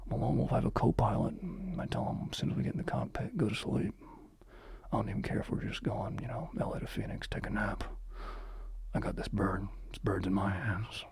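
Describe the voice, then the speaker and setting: A man voicing a cocky male airline pilot who murmurs his announcements in a low, half-whispered drawl. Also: brisk, vocal fry, a little mellow, slightly rough, dry recording, full character voice. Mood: boastful. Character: cocky male airline pilot, smooth self-assured captain.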